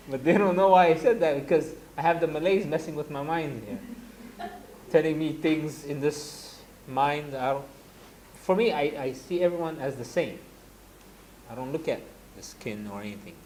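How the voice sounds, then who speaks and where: Man, religious teacher, storytelling lecture, slightly high voice, faint classroom hum. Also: normal speed, long pauses. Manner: anecdotal, animated, laughing asides.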